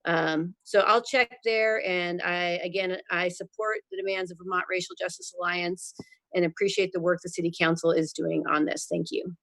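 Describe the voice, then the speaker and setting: Woman, public commenter, brief and halting, dry remote audio. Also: lowish voice, fairly even intonation, vocal fry, fairly bright tone, no echo, low-quality recording. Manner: brief, plain, many "um"s. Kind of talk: public comment at a council meeting. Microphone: remote call-in.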